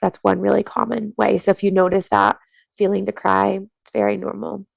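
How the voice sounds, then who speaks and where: A woman coaching a listener through a tapping exercise in a calm, soothing, slow voice, then explaining her practice. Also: mid-range voice, creaky, dry recording. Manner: gentle affirming murmurs while listening. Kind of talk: guided tapping meditation and interview answers.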